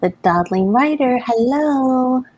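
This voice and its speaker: A woman's voice: sits high, lively intonation, slow, a little mellow, low-quality recording. An American woman hosting a live writing stream, chatting casually, laughing often and reading viewer comments aloud. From United States. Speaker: livestream host.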